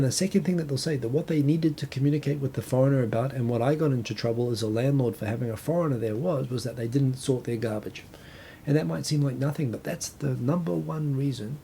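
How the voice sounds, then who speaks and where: A middle-aged New Zealand man hosts a casual live talk show, his accent softened after years abroad. His voice is gravelly and dark, and he rambles through a list with lots of restarts and asides. A faint rumble sits under the recording.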